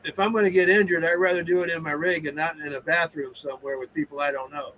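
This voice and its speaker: A man with a slightly high voice chatting over a call with faint background noise. He mostly agrees with the others and then slips in a dry joke. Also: fairly even intonation, fast talker, sharp tone, rough recording. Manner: joking, dry asides. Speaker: co-host. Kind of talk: casual chat.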